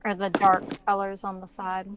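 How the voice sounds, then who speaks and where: A woman's voice: medium pitch, moderate pace, noisy background. A woman playing a tabletop game, asking the game master unsure questions about the rules. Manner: asks questions, flat and unsure. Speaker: player. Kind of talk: casual game chat over voice call. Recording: dull lo-fi voice-chat audio.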